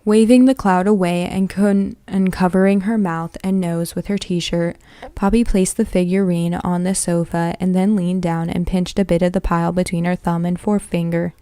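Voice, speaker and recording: A woman's voice: lowish voice, flat delivery, normal speed, few pauses, warm tone, clear, resonant tone, no echo. A woman reading a novel aloud in a plain manner, with occasional slips that she corrects. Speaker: reader.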